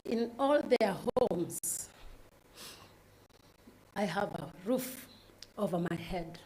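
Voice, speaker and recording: Slow-spoken Kenyan woman giving a speech. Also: medium pitch, expressive, darkish tone, a little hiss or hum, rough recording. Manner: slow, halting, collecting herself. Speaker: guest of honour giving a speech. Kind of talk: emotional public speech.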